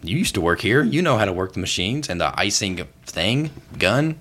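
A man's voice: on the low side, sing-song, moderate pace, fairly bright tone, pitched below the performer's own voice. A man voicing a harried female bakery worker who answers hesitantly. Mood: flustered.

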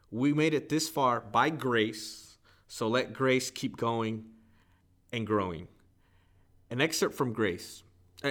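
Man, podcast host, mid-range voice, measured reflective reading, faith talk. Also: mid-range voice, fairly bright tone. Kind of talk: reading a poem and a book excerpt aloud.

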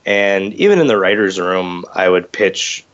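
Man, low voice, has a cold, chatty, self-deprecating, muffled lo-fi sound. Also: animated, measured pace, fairly bright tone. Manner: chatty, self-deprecating, many fillers and restarts. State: a little under the weather with a cold. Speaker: voice actor guest. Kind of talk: casual interview chat.

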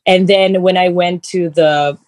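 A woman's voice: lowish voice, fairly even intonation, measured pace, a little mellow, no echo. A woman from Italy with an Italian accent, speaking as a guest over a phone video call from her bedroom, breezy and a little sassy. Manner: breezy, sassy, many fillers. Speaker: guest actress. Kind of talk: casual interview chat.

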